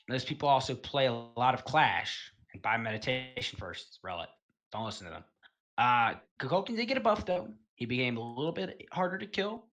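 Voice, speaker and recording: A man talking through a gaming tier list in a loose, offhand way. He keeps stopping to correct himself and fills gaps with plenty of ums and uhs. He stays relaxed at a middle pitch and drops in the odd swear word. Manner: rambling, filler-heavy, self-correcting. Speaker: gaming commentator. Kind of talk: casual tier-list commentary.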